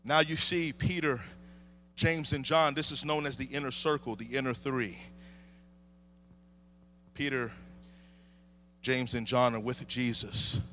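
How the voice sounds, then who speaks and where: A middle-aged male preacher giving an animated sermon, calling for amens and swinging between shouts and hushed asides. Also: fairly high pitch, slight background noise.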